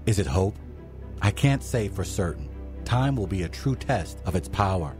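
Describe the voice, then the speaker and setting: A man putting on an impression of a grandiose male politician, speaking in slow, halting, formal oratory. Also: low-pitched, expressive, music in the background. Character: grandiose male politician giving a stately speech.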